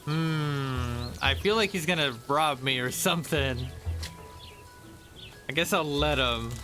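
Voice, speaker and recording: A man's voice: fairly high pitch, slow, pauses often. A man streaming a game, casually commenting and reading the game's text aloud in a playful way. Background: game music.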